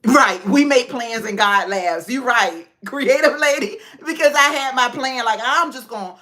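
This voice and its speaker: A woman's voice: on the high side, lively intonation, moderate pace, hardly any pauses, sharp tone. A woman vlogger chatting casually on a livestream, talking to viewers by name.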